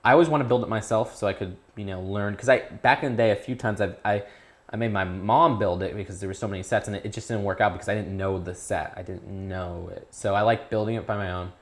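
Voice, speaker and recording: Teen guy rambling thru an interview, kinda low voice, lots of restarts. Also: fast. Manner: rambling, restarts often, animated when excited. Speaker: YouTube creator, guest. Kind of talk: casual interview chat.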